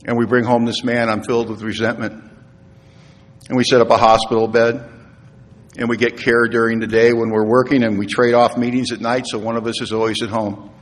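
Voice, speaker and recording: A middle-aged man giving an earnest recovery talk to an audience, telling a personal story and sinking to hushed tones at its tender moments. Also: medium pitch, little pitch movement, fairly quick. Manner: earnest storytelling, acts out voices in quotes, drops to hushed tones. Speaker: AA speaker. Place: meeting hall. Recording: long hall reverb.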